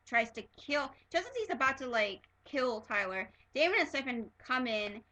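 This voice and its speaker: A woman excitedly reviewing a TV episode in a casual fan vlog, gushing and stumbling over fillers and restarts. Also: high voice, moderate pace, poor audio.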